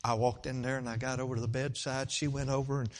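A man, a pastor preaching a sermon and telling a story, often acting out voices at a high, strained pitch. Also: level tone, fast talker.

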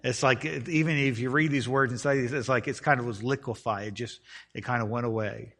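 A man's voice: medium pitch, steady tone, fairly quick, fairly bright tone. A man preaching to a group, reading scripture aloud and explaining it in casual everyday words, acting out the people in the story. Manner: acts out the lines of the people in the text. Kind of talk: expository Bible teaching to a group.

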